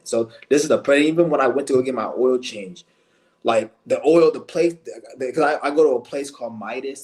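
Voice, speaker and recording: A man talking to camera in a blunt, heated rant full of profanity. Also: medium pitch. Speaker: vlogger.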